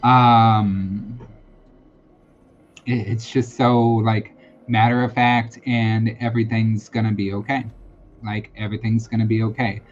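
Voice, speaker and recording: A man leads a live-streamed psychic reading at a slow, drawn-out pace. He talks casually and reassuringly, circling back over the same comforting phrases. His voice comes through a muffled, lo-fi recording with a faint hum behind it. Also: lowish voice, little pitch movement. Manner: casual and reassuring, many fillers and repetitions. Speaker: tarot reader and medium hosting a live stream. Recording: dull lo-fi sound with faint background noise.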